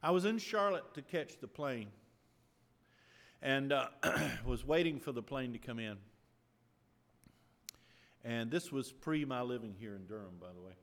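A male pastor telling a personal story in a sermon, earnest, with sudden loud bursts when he acts out voices. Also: mid-range voice, lively intonation, a little slow, pauses often. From Ukraine. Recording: long hall reverb.

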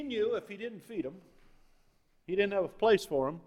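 A man preaching a sermon as pastor, swinging between loud and quiet passages. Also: high voice, expressive, moderate pace. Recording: long reverb of a large hall.

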